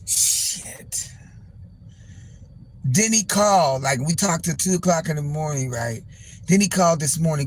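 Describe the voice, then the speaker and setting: A woman hosting a live stream, telling a story in a loose, profane, animated way and acting out other people's voices. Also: low-pitched, measured pace, pauses often, a little hiss or hum. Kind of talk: casual storytelling to a live chat.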